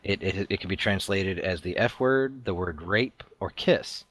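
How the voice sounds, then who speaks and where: A man's voice: deep voice, measured pace, fairly bright tone, no echo. A middle-aged man co-hosting a talk show, chatting casually in a rambling, chuckling way. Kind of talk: casual chat.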